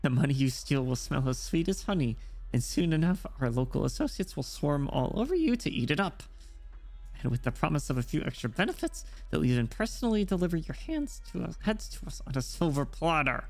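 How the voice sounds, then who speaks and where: A man voicing a cold, threatening male gang enforcer, drawing out his threats slowly while reading a game story aloud. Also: fairly high pitch, sing-song, darkish tone, faint music behind. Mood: menacing.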